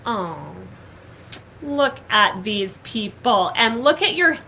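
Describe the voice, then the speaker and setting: Young woman hosting a chat show, gushy and upbeat, says like a lot, kinda high bright voice. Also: animated, takes it slowly, a little hiss or hum, low-quality recording. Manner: gushing, upbeat, many "like" fillers. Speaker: host. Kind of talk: casual chat.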